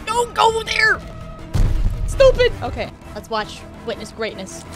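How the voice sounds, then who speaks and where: Casting: woman let's-play streamer, high and bouncy voice, unhurried, game music underneath. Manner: excitable, laughs often, talks to the game. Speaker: gaming streamer. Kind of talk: casual let's-play commentary. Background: game music and gunfire.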